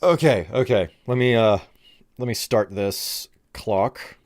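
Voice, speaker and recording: A man's voice: lowish voice, slow pace, a little mellow, no echo. A man streaming a game, chatting with viewers in a hammy, theatrical put-on British accent that drifts toward Australian, laughing often and mocking himself. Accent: put-on mock British, drifting toward Australian. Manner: laughs often while reading chat. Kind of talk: live gameplay stream, chatting with chat.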